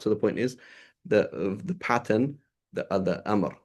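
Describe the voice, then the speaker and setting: A man teaches a classroom lecture on an Arabic legal text, reading the Arabic quickly and explaining it in English. His voice is lowish, expressive and a little mellow. Explanatory in manner, he often restarts sentences, uses fillers while searching for words, and keeps checking understanding with "right?" and "okay?"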